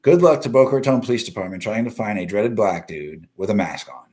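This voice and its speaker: A man's voice: on the low side, animated, fast talker, darkish tone. Profane, blunt male livestream host. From East Coast of the US. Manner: profane, blunt, chats with viewers in comments. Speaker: livestream news show host. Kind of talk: profane live-stream news rant.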